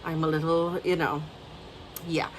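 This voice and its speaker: A woman in her thirties with a Trinidadian accent, telling a casual storytime to her viewers in a chatty, animated way. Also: low voice, a little slow, slight background noise. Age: 30s. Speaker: vlogger.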